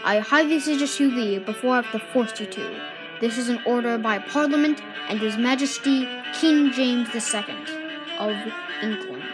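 A stern colonial sergeant laying down the law, played by a woman, stiff and official with a raised, fairly high voice. Strings from a film score play loudly behind. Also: normal speed, music in the background, lightly acted, poor audio. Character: stern male colonial sergeant giving orders. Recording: voice over loud orchestral strings.

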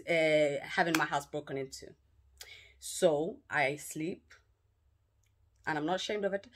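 A woman with a British northern English accent telling a dramatic, swear-filled story in a casual vlog, filmed by a camera in her living room. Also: medium pitch. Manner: animated, profane storytelling. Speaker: vlogger.

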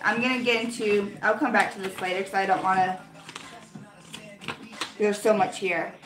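Gushing woman with roomy echo. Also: mid-range voice. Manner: gushing, excitable, heavy use of 'like'. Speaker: vlogger. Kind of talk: casual unboxing chat. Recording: roomy echo with faint music.

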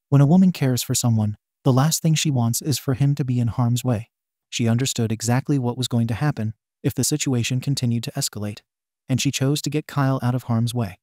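A man voicing a caring middle-aged father who gives his son steady, reassuring advice. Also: medium pitch, no echo, studio quality, lightly acted.

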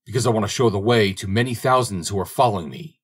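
A man playing a bold young drummer, husky and confident. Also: fairly low pitch, fast talker. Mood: boastful. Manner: confident, boastful, slightly raised voice. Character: brave young male drummer, bold and fearless. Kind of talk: audiobook character reading.

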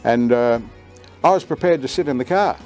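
An older Australian man, a veteran radio announcer and voiceover artist, recalls his career with lively storytelling and acts out quoted lines. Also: mid-range voice, moderate pace, faint music behind. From Queensland, Australia.

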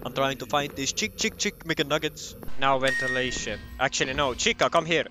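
A young adult gameplay commentator casually narrates a horror game, joking and swearing as he talks to the characters. He has a mid-range voice, speaks at normal speed, and barely pauses.

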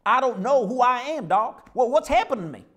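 Very animated and a little fast, with a fairly high pitch, an actor portrays a Lebanese patient in a comedy sketch. The character abruptly slips into a folksy American Southern drawl and can't believe it himself.

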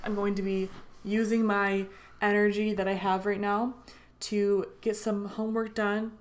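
A tired young woman vlogger in a casual voiceover, rambling excitedly with lots of fillers. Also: mid-range voice, unhurried. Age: young adult. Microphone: voiceover mic.

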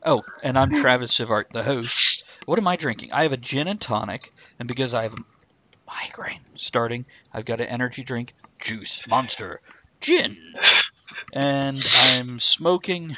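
A man's voice: mid-range voice, normal speed, pushed and bright, highs cut off. A man hosting a casual podcast chat, rambling and teasing with frequent laughs. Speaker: host.

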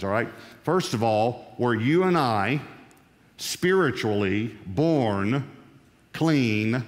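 A male preacher teaching through a Bible passage, explanatory and emphatic on key phrases, played as a sermon clip. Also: mid-range voice. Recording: sermon clip with long hall reverb.

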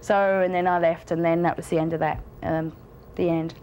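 A woman's voice: lowish voice, flat delivery, moderate pace, background noise, lightly acted. Woman doing a frank, rambly storyteller, lots of like and you know, swears a lot. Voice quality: rambling, heavy fillers and swearing. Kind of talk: casual rambling anecdote.

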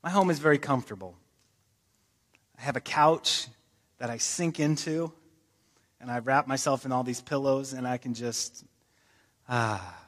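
A man's voice: medium pitch, moderate pace, long pauses, a bit bright, long reverb tail. A man preaching a sermon, talking in a casual way with joking asides and reading scripture with emphasis. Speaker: pastor. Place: church sanctuary.

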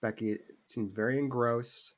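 Dude cohosting a podcast, dry teasing jokes, middle pitch. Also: male voice, steady tone, unhurried. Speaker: podcast co-host. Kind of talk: casual chat.

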